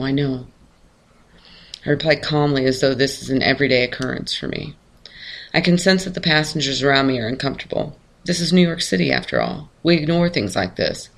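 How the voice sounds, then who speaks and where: Gravelly man reading a story. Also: mid-range voice, a bit bright. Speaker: narrator. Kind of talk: reading a short story aloud.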